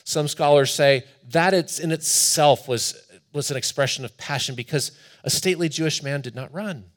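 A man preacher reading scripture and explaining it in a conversational, expressive sermon with asides. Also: a little high, normal speed.

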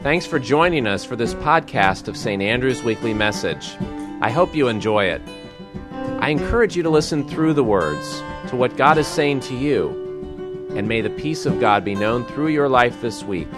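A man's voice: mid-range voice, lively intonation, moderate pace, over music. A middle-aged man, a pastor, giving a conversational sermon, telling stories from his week. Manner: conversational, storytelling.

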